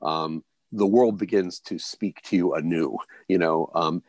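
A man with a very low voice tells a reflective personal story as an interview guest. He talks haltingly, restarting phrases and adding fillers as he goes. The sound is dry and close. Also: a little mellow, no room sound. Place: near a big US city.

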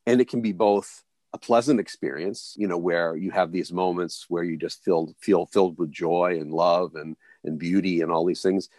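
A man, an interview guest, telling a reflective story in a halting way, full of restarts and fillers. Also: low voice, steady tone, darkish tone, dry recording, clean studio sound. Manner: halting, many restarts and fillers, voices others in stories. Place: near a big US city.

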